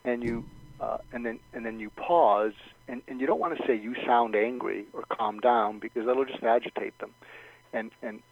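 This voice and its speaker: A man's voice: medium pitch, fairly quick, no echo. A man giving conversational advice as a guest expert, thoughtful, repeating words and acting out sample lines. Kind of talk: conversational advice with acted examples. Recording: dull, lo-fi radio sound.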